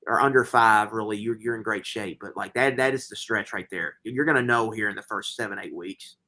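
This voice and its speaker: A man co-hosting a podcast, giving college football predictions in casual sports betting chat, speaking in quick bursts of emphasis. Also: lowish voice, sharp tone. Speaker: podcast co-host.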